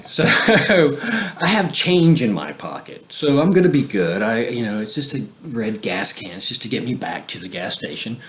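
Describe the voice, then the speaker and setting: A man with a mid-pitched voice tells a personal story in a loose, rambling way. He leans on fillers and chuckles often as he talks.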